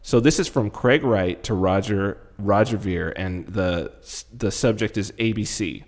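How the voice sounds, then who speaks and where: A man co-hosting a podcast in casual chat, talking excitably with swearing and many restarts. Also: fairly low pitch, a little slow. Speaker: podcast co-host.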